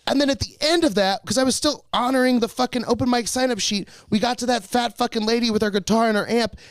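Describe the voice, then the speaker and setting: A man co-hosting a podcast, telling a story in a casual and animated way, swearing a lot and putting on other people's voices in quotes. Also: very high-pitched, fast talker, no room sound. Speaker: podcast co-host.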